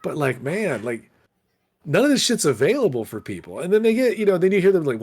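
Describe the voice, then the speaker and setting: A man's voice: on the high side, fairly quick. A man co-hosting a podcast, telling stories from his shop in a casual, swearing way and quoting customers. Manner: animated, swearing, quotes customers in voices. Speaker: podcast co-host, comic shop worker. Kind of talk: casual storytelling chat.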